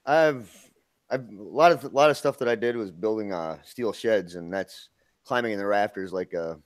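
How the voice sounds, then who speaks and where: A man's voice: on the low side, normal speed, no room sound. A man, chatting casually as a guest and laughing often. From Minnesota. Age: 50s. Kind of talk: casual live-stream chat.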